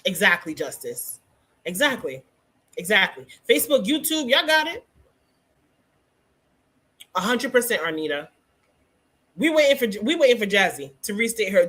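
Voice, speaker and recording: A woman hosting a casual hair care livestream, teaching and teasing viewers by name in an animated way. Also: medium pitch, normal speed, pauses often, husky.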